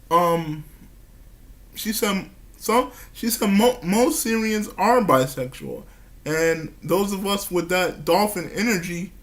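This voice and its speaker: Slow, halting man with a higher voice. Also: a bit bright. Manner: halting, stammering, repeats words often; nervous giggles between phrases. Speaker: vlogger. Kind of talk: personal confessional vlog.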